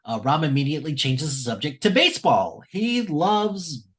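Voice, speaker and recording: A middle-aged man talking through an episode with his podcast co-host. He is relaxed and conversational, and his fillers keep his plot summary easygoing. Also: a little high, moderate pace. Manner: chatty, recounts the plot with frequent fillers. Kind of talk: casual episode recap.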